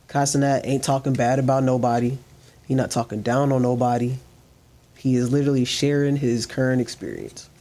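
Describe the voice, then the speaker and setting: A man hosting a reaction commentary video, talking earnestly and sometimes softly to his dog. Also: medium pitch. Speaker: commentary channel host.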